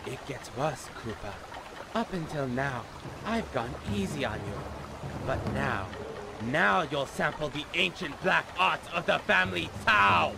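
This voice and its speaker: A man's voice: medium pitch, gravelly. A man playing a pompous old warlord villain in a video game, talking in a grand, menacing way.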